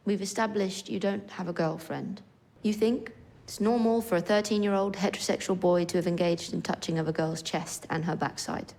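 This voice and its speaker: An actress playing a psychologist who asks calm, probing questions in a TV drama. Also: female voice, on the low side, moderate pace, natural voice. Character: composed adult female psychologist. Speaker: psychologist interviewing a boy. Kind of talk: TV drama acting.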